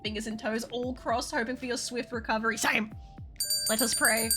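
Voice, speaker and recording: A woman's voice: fairly high pitch, steady tone, normal speed, music in the background. A woman streaming a video game, chatting casually with viewers, swearing freely and laughing often. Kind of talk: casual gameplay stream chat.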